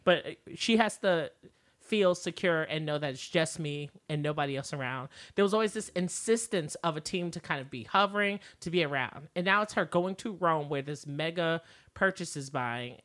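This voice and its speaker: Co-host: woman with a lowish voice, casual, thinks aloud. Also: lively intonation, normal speed, fairly bright tone. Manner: musing, talks through her theory. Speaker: podcast co-host. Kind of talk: casual TV recap chat.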